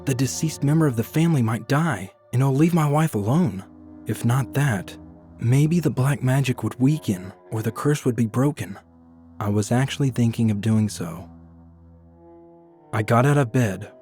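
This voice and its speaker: A man tells a scripted first-person horror story in an even, somber manner. His voice sits low and mellow at a middling pitch, with quiet music playing softly beneath the narration.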